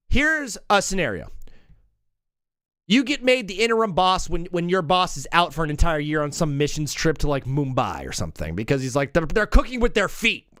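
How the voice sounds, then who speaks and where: A man hosting a live sports comedy call-in stream, bantering with callers in an energetic, joking, rambling way. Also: on the high side, clear, resonant tone, dry recording, studio quality.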